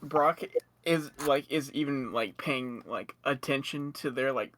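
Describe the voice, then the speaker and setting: A man's voice: medium pitch, a little slow, fairly bright tone, low-quality recording. A man playing a tabletop game, describing and speaking in character with hesitant fillers. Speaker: player. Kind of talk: casual tabletop role-play.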